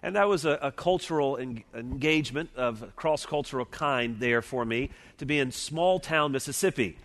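A middle-aged man with a Southern US accent from Alabama, preaching an earnest, measured sermon that slows and drops quiet on its key points. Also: mid-range voice. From Mobile, Alabama, US Deep South. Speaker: preacher at a seminary chapel. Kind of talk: sermon with opening prayer. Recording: long reverb of a large chapel.

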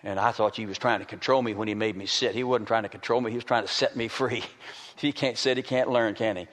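A man preaching a folksy sermon, rising into loud emphatic bursts. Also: fairly low pitch, fairly even intonation, quick pace. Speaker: preacher and dog trainer. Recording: long reverb of a large hall.

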